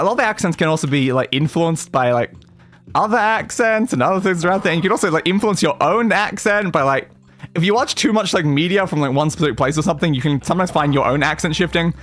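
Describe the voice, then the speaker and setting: A gaming streamer with a fairly high, fairly bright voice plays a retro RPG at a quick pace. His let's-play chat is casual and rambling, heavy on fillers and restarts.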